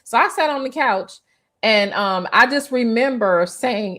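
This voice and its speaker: A woman's voice: fairly high pitch, unhurried. A middle-aged woman, a former hairstylist, telling a story in a casual interview, restarting often and acting out the people she quotes. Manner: animated, restarts often, acts out quoted voices.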